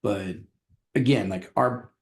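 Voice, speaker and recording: A man's voice: fairly low pitch, slow pace, creaky. A man who teaches history, co-hosting a casual podcast and rambling with restarts and fillers.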